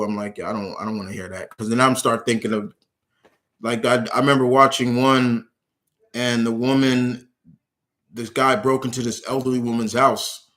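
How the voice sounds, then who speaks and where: A man's voice: mid-range voice, a bit bright. A man hosting a casual live question-and-answer stream, reading viewers' questions aloud and answering them in a rambling, candid, emotional way with lots of fillers. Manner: emotional, earnest.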